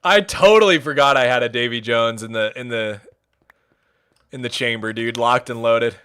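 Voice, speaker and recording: A young man streaming a game, chatting casually and answering his audience with animated, jokey energy. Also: medium pitch, normal speed, clear, resonant tone. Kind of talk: casual chat while playing a game.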